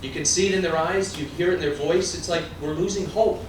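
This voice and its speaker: A man with a highish, steady voice delivers a slightly fast, emphatic stump speech at a party meet-and-greet, peppering the crowd with rhetorical questions and asides. The political candidate is recorded from far away in a very echoey room, with slight background noise.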